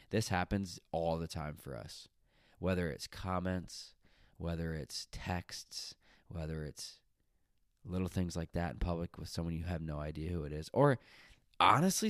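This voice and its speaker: A man's voice: sits low, dry recording, studio quality. A man who works as a teacher, telling a personal story in a conversational, reflective, self-deprecating way. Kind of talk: casual storytelling monologue.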